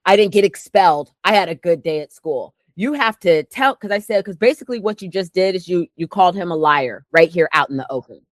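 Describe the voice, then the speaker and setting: A woman's voice: lowish voice, expressive, fairly quick, hardly any pauses, no echo. A woman co-hosting a casual talk show, telling stories animatedly with acted-out quotes. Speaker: co-host. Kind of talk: casual chat.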